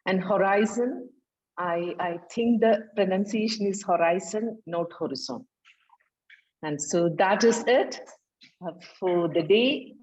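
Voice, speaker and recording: A woman giving a grammarian's report at a club meeting, halting now and then with fillers. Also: medium pitch, a little mellow, poor audio.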